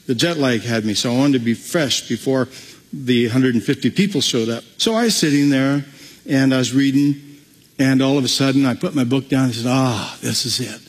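Husky-voiced man preaching in an echoing hall. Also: mid-range voice, brisk. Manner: animated storytelling, acts out voices. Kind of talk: sermon.

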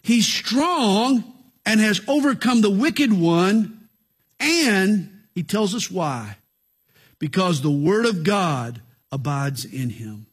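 A middle-aged male pastor delivers an earnest radio sermon. His voice sits high and sounds husky, and it swings widely in pitch and loudness. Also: expressive, slow pace.

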